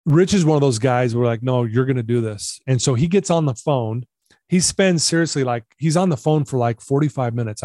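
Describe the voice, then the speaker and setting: A man's voice: mid-range voice, mellow, no room sound, studio quality. Earnest man telling a personal story. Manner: earnest, confessional, acts out quoted dialogue. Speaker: podcast guest. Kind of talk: storytelling interview.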